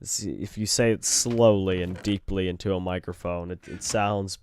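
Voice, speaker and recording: A young Canadian man with a Canadian accent, talking over his game in a lowish voice. He rambles from one silly thought to the next and keeps toying with the sound of words. The commentary is loose and unscripted. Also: fairly even intonation, normal speed, darkish tone, a little hiss or hum. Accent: Canadian English. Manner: rambling, goofy, plays with words. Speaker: gaming video host. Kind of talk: let's-play commentary.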